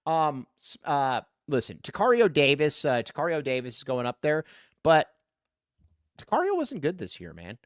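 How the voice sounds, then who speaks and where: A man co-hosting a casual sports podcast livestream, talking in an excitable way and reading viewer comments aloud. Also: on the high side, normal speed, dry recording, clean studio sound. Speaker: podcast co-host.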